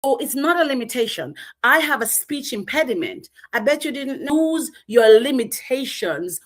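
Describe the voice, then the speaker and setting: A woman's voice: sits high, very animated, moderate pace, poor audio. Bold woman giving a pep talk. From Jamaica. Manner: emphatic, punchy, bold. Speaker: speaker. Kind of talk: motivational talk on a livestream.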